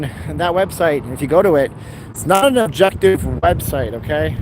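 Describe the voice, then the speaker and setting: Male vlogger, rambling and sarcastic, walking along roads with phone mic; clear traffic noise behind. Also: on the high side. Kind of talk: casual live-stream walking vlog. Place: outdoors along busy roads. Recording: outdoor street with traffic noise.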